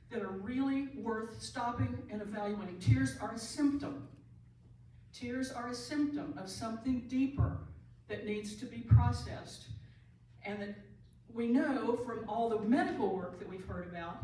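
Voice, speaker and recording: A woman's voice: fairly high pitch, darkish tone. A woman, an end of life doula and pastor, giving an earnest talk to an audience and repeating her key phrases for emphasis. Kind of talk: conference talk to a live audience. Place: large room, speaking to an audience. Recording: very echoey room audio from far off, light hiss.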